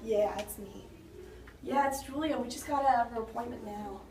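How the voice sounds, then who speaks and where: A woman's voice: a little high, moderate pace, mellow, close to an everyday voice. A teenage girl playing a dramatic, complaining pregnant woman in a school skit. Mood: chatty. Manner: melodramatic, shrieking in labor. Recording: roomy far-off camera audio with noise.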